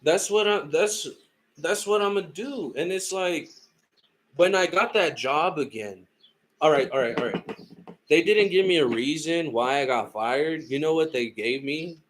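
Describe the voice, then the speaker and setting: A man's voice: a little high, measured pace. A young man from California telling a story in a casual, heated and rambling way, swearing a lot. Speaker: tarot live streamer.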